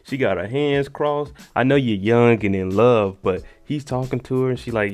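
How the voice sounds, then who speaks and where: A man's voice: medium pitch, lively intonation, normal speed, few pauses, darkish tone. Laid-back slangy man recapping a show. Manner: laid-back, slangy, joking asides to the viewer. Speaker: TV recap host. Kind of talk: casual TV episode recap commentary.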